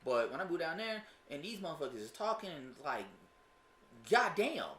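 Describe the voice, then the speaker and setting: A man with a Southern US accent, co-hosting a podcast, telling stories in a profane, animated way. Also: fairly high pitch, moderate pace, echoey room, a little hiss or hum. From Denver, USA. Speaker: podcast co-host. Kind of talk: casual podcast chat.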